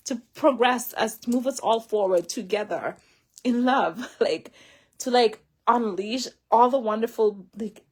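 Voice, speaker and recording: Breathy woman giving a chatty faith talk. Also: a little high. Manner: chatty, says "like" often, laughs lightly, retells scripture in her own words. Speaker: faith speaker. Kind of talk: casual sermon-style talk.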